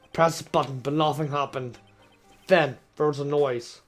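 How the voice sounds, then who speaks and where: A man voicing a ruthless, proud older male prosecutor who snarls vengeful threats, his voice a little hoarse. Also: a little high, fairly even intonation, moderate pace, soft background music, natural voice. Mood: bitter recounting.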